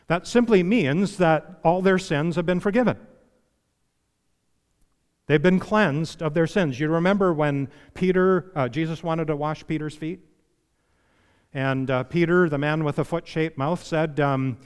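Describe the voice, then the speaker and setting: A man preaching a sermon as pastor, emphatic, asking the congregation questions and slowing down for scripture. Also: fairly high pitch, clean tone. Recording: long reverb of a church hall.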